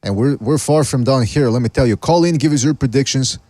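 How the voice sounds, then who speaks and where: A man's voice: mid-range voice, brisk, warm tone, no echo. A man hosting a call-in podcast in a casual, rambling way with many restarts, speaking English with an accent, his first language being Spanish. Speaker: podcast host. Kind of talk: casual call-in show chat.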